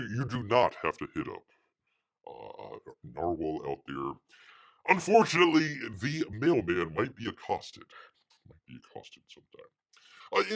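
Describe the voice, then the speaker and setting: A man's voice: fairly low pitch, gravelly, a bit bright. A man hosting a casual livestream, rambling with many fillers and calling himself by his nickname. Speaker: livestream host.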